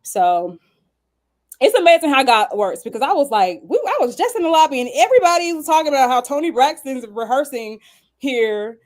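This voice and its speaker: Young woman, singer, casual interview, animated storytelling, laughs often, slightly high voice. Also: a little fast. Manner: animated, squeals when acting out quoted dialogue. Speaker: singer and songwriter guest.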